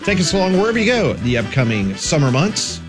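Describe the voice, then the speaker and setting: A man's voice: fairly high pitch, quick pace, over music. A man hosting a radio talk show, reading promos and joking with his co-hosts. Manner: lively, joking banter. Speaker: radio host.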